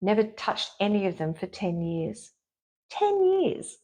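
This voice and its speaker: A middle-aged woman, a therapist, frankly and lively telling a personal story as a guest in an interview. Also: mid-range voice, normal speed, breathy edge. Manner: frank and lively, acts out her own inner voice.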